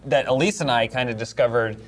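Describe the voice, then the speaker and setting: A man's voice: mid-range voice, brisk, background noise. A man hosting a board game session, casually explaining the rules and laughing often with the players. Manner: upbeat, laughs often, talks through rules with restarts. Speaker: game host.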